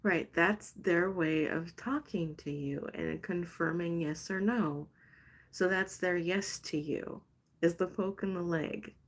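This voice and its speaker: A woman's voice: lowish voice, takes it slowly. A woman hosting a casual live stream, chatty and gushing as she pulls cards for a viewer. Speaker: live stream host doing card readings.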